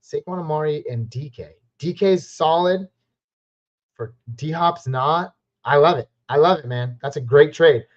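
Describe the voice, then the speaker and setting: A man from the West Coast hosting a live Q&A stream, chatty and upbeat, giving quick verdicts on viewer questions. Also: a little high. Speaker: fantasy football live stream host. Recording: slightly muffled lo-fi stream audio.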